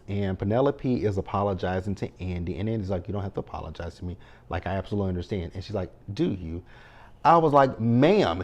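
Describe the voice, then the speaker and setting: A man's voice: fairly low pitch, warm tone. A man giving a casual, blunt, profane recap of a TV episode and talking back to the characters as he goes. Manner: blunt, profane running commentary. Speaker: TV show recapper.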